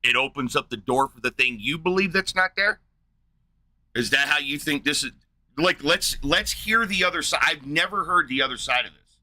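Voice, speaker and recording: A man with a very bright, sharp voice that sits fairly high, pressing a challenger with heated, profane questions. He sounds frustrated and angry throughout. The sound is close and dry. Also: lively intonation, no echo. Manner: combative, profane, rapid questioning. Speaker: livestream host. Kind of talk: heated livestream rant.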